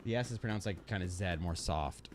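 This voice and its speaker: A man from Canada chatting casually with his livestream chat while playing a survival game, dropping to a quiet murmur when sneaking. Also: low-pitched, fairly quick, a little hiss or hum. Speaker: streamer.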